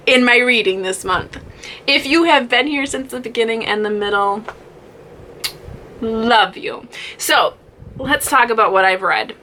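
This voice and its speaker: Young woman book vlogger, casual rambling chat, bright, slightly high voice. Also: lively intonation, unhurried, slight background noise. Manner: chatty, rambling with fillers and laughs. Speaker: booktube vlogger.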